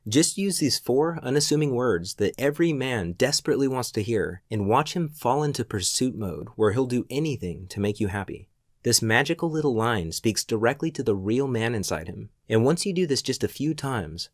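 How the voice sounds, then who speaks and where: Male voice-over for a sales pitch, smooth and persuasive, mid pitch, dry close-mic sound. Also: lively intonation, moderate pace, dry recording. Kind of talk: scripted promotional voice-over.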